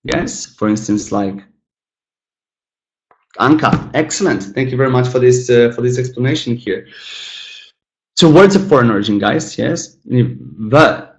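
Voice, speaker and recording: A male English teacher leads an online class in a relaxed, chatty way. His voice sits at an ordinary middle pitch. He often addresses the students as "guys" and says example words slowly to model stress. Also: rough recording.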